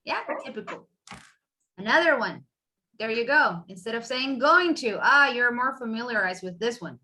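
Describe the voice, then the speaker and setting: A woman's voice: a little high, expressive, moderate pace, sharp tone. A woman from Spain teaching an online English listening class, chatty and constantly checking in with her students.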